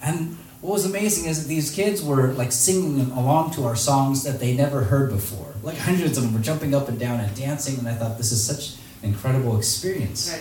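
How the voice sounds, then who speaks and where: A man giving a storytelling talk to an audience, animated and acting out the voices of people he quotes. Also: medium pitch, brisk, distant mic. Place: large hall with audience. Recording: echoey hall, voice from off-mic.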